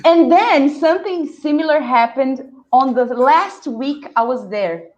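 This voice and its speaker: Animated Brazilian woman telling a story. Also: high-pitched, measured pace, highs cut off. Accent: Brazilian Portuguese. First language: Portuguese. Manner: animated, laughing, acts out quoted voices. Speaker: guest English teacher. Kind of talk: storytelling in a live online panel. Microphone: video call.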